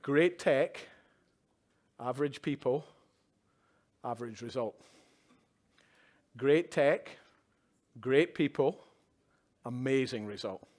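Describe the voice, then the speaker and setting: His voice is mid-range and a little mellow. He's a male keynote speaker at a live event's conference stage, keeping it conversational with wry asides and "yeah?" checks to the room.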